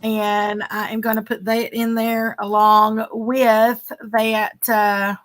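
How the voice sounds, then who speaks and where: Lady chatting on a livestream, kinda hoarse, higher voice, lots of ums. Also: flat delivery, slow. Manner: chatty, thanking viewers, many fillers. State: a bit hoarse. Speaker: livestream host. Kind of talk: casual livestream chat.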